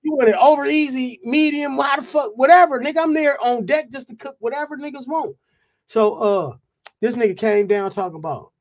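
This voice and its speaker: A man, a guest rapper, telling a profane, animated anecdote in casual talk. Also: very high voice, brisk. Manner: profane, animated, repeats "you know what I'm saying".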